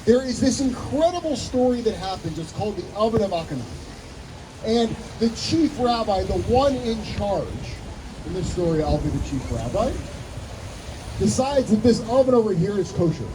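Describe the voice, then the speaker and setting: A man, a rabbi, giving an animated speech at an outdoor rally and acting out the voices in a story he tells. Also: high voice, normal speed, recorded from a distance. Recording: outdoor rally with loud ambient noise.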